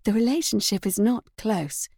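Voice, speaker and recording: Woman voicing a proud young governess, cool and guarded, demure, lively pitch, dry sound. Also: moderate pace, vocal fry, slightly rough, no room sound.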